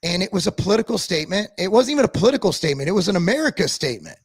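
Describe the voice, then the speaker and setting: High, husky, and sing-song, this man's voice is recorded with no room sound as he co-hosts a laid-back live-stream talk show. He rants bluntly, swears a lot, and rambles quickly, restarting again and again.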